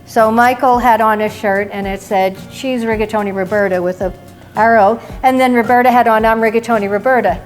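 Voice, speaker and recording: A woman from New York, a chef hosting a cooking segment in a home kitchen, telling a story in a chatty, animated way. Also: a little high, brisk, soft background music. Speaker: chef and cooking show host. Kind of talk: casual storytelling chat.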